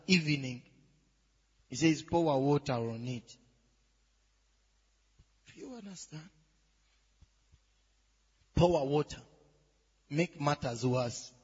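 A man preaching a sermon, measured and then rising to loud, high-pitched exclamations. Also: slightly rough. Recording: dull sound in a reverberant hall with faint music.

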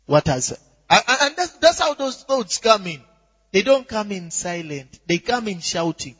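A man preaching a sermon with lively swings from quiet asides to shouts, often asking if the crowd is with him. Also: high-pitched, moderate pace, breathy edge. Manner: animated, rising to shouts, asks "are you with me?". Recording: dull echoey hall recording.

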